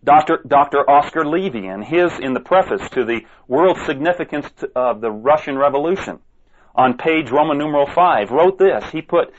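A man's voice: a little high, animated, normal speed. Emphatic man on a dull recording. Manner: emphatic, asks rhetorical questions, stumbles and restarts. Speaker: ministry speaker. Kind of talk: monologue rebuttal reading quotes aloud.

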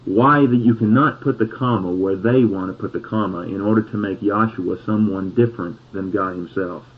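A man preaching a sermon, reading scripture slowly and pausing on key words for emphasis. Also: on the low side, husky. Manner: slow, deliberate scripture reading with emphatic pauses. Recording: tinny phone-like sound.

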